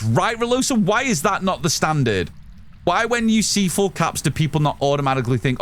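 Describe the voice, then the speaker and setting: A loud, excitable man, chatting casually with his live-stream chat while gaming and swearing freely. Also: a little high, moderate pace, slight background noise.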